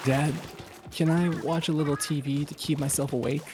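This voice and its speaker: A man voicing an injured teenage caveman son who speaks in a weary, quiet voice. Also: medium pitch, fairly even intonation, normal speed, creaky, lightly acted.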